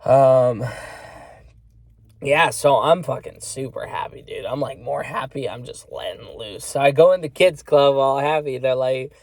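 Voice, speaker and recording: A man in a casual vlog rant, talking at an ordinary middle pitch. He rambles and swears freely, filling every pause with "you know". The sound is dry and close, with no room echo. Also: vocal fry, a little mellow. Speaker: vlogger.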